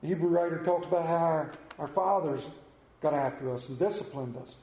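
High-voiced guy in his 50s preaching, folksy storyteller, echoey room. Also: a little fast, warm tone. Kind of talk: sermon with personal story.

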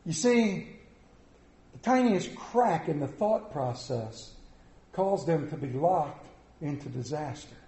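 A man preaching a lively sermon, telling stories with jokey asides. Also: a little high, slow, roomy sound, rough recording. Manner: animated storytelling, jokey asides.

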